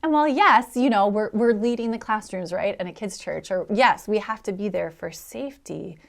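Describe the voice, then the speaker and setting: A woman's voice: medium pitch, moderate pace, gravelly. A middle-aged woman pastor, giving a sermon in a conversational storytelling way that slips into quoted voices. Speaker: executive pastor.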